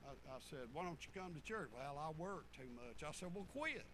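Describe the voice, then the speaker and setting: A man preaching a folksy sermon, swinging from fervent loud passages to low muttered asides. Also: lively intonation, a little fast, noisy background.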